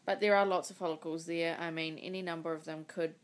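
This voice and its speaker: A woman in her thirties recording a personal video diary on her phone. She is crying, and she talks in a halting, emotional way, with sighs between her words. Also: low voice, steady tone. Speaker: vlogger. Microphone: phone mic.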